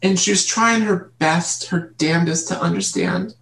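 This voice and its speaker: A woman guest in an interview, telling her childhood story in an earnest, halting way and repeating words. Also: on the low side, creaky, fairly bright tone, a little hiss or hum. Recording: roomy echo.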